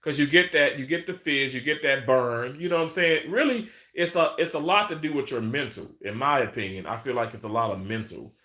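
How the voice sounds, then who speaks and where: A man's voice: mid-range voice, a little fast, few pauses, sharp tone. A man chatting casually on a live stream, rambling about food and greeting viewers by name.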